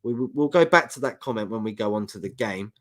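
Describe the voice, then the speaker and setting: A man's voice: lowish voice, animated, quick pace, fairly bright tone. A man with a London accent co-hosting a casual football chat show, bantering and reading out viewer comments. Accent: London English. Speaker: football podcast co-host.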